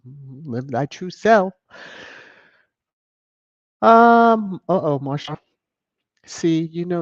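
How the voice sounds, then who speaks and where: A man hosting a live stream, reading viewer comments in a casual, animated way with laughs and sudden high exclamations. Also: no room sound, highs cut off. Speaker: livestream host reading chat.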